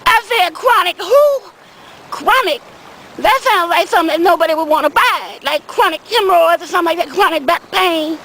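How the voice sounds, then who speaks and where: Uncle Dan, a woman doing a high-voiced rambling old man. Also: expressive, moderate pace, pushed and bright, slight background noise, heavily acted, low-quality recording. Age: older. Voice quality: folksy, rambling, repeats "I said" and "see". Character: older Southern man, rambling small-time weed seller. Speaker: comic character monologue. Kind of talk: comedic storytelling in character.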